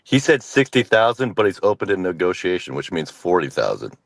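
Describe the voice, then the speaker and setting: A man on a casual stream panel, talking in a deadpan, bossy way as he pitches schemes. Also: brisk, gravelly, no room sound. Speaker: panel guest.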